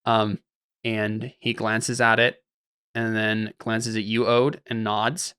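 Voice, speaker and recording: A man's voice: fairly low pitch, flat delivery, slow pace, fairly bright tone, clear, resonant tone, dry recording, clean studio sound. A man narrating as the game master of a tabletop game, in a loose, rambling way with many fillers.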